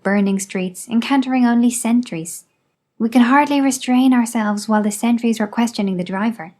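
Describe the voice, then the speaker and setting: A woman reading a memoir aloud in scripted narration, measured and even. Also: mid-range voice. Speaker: audiobook reader.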